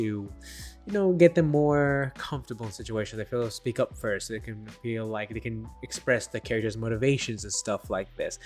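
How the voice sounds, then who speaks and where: A young dungeon master with a fairly low voice chats to camera through a desk mic, rambling along with self-deprecating remarks and nervous laughter.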